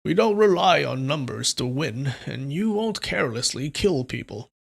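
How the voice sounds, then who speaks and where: A man voicing a calm, wise old male priest, speaking slowly and reasonably. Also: medium pitch, creaky, slightly rough, heavily acted. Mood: reasoning. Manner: slow, measured and reasonable.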